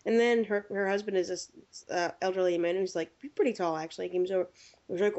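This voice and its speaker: A woman hosting a casual podcast chat, telling lively stories and acting out the people in them. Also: mid-range voice, fast talker, lo-fi sound. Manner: animated storyteller acting out quotes. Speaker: podcast host.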